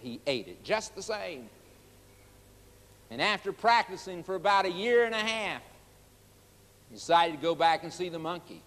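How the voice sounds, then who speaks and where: Animated high-voiced male preacher. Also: in a large hall. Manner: emphatic, folksy, direct address. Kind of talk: sermon.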